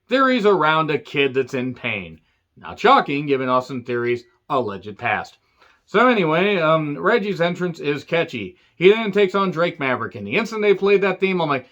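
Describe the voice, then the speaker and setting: A man's voice: on the high side, sing-song, normal speed, fairly bright tone. A man giving a profane, sarcastic rant as he reviews a wrestling show. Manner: angry, sarcastic, swears constantly. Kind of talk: profane ranting commentary. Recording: dull lo-fi sound.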